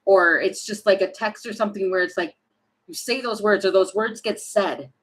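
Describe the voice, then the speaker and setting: A woman doing a casual tarot reading, thinking aloud and animated, with many fillers and restarts. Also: medium pitch, moderate pace, rough recording. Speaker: tarot reader.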